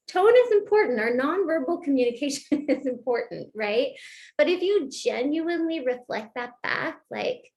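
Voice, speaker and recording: Lively, chatty woman teaching a webinar. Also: fairly high pitch, moderate pace. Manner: lively, chatty, laughs often, acts out example lines. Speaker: marriage and family therapist.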